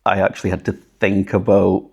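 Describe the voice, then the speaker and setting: Low-voiced Scottish man, rambling. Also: level tone, brisk, gravelly, darkish tone, husky. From Scottish Borders. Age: 20s. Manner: rambling, anecdotal, lots of fillers. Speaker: comedian guest. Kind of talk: casual chat.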